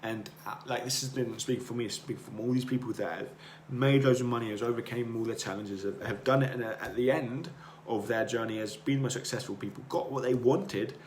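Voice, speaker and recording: In a brisk, mid-range voice with a darkish tone and hardly a pause, a man hosting a podcast gives an earnest, rambling motivational talk that loops back on itself. Roomy echo and faint noise color the recording.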